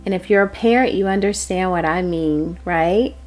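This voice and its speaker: A woman hosting a devotional prophetic message, speaking earnestly and dropping into soft, whispered prayer. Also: on the low side, measured pace, faint music behind. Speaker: host and prophetic teacher.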